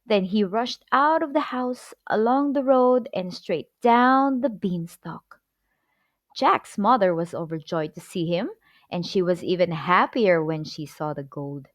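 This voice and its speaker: A woman reading a children's story aloud, with an expressive, clear storybook delivery. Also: medium pitch, a little slow, no room sound, lo-fi sound.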